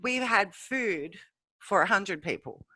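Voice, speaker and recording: A woman co-hosting a casual podcast, her voice swinging widely in pitch as she tells stories. She teases her co-host with dry jokes, recorded close and dry. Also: slow pace, no echo. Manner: teasing, deadpan jokes. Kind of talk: casual chat.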